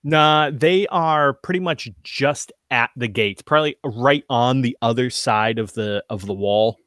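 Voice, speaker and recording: A man running a tabletop role-playing game as game master, narrating in a relaxed way with lots of fillers. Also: medium pitch, unhurried, no room sound, clean studio sound. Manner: relaxed, filler-heavy narration with frequent laughs.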